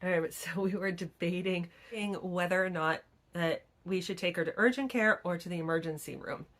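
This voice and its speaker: A woman's voice: lowish voice, moderate pace. A middle-aged woman vlogger telling stories in casual chat, acting out the people she quotes. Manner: chatty storytelling, acts out quoted people.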